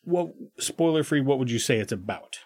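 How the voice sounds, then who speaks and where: A man co-hosting a movie podcast in casual chat, joking with quick asides. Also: medium pitch, expressive, darkish tone. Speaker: podcast co-host.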